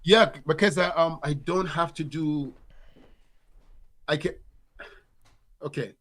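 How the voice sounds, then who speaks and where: A man's voice: fairly high pitch, slow, fairly bright tone. A middle-aged man and father co-hosting a podcast, talking in a reflective, casual way with many restarts and fillers. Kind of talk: casual conversation.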